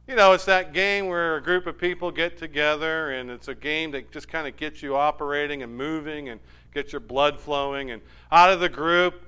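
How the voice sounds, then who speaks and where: A man preaching a sermon as pastor, telling stories with animated swings between loud emphasis and quiet asides. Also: a little high, clean tone.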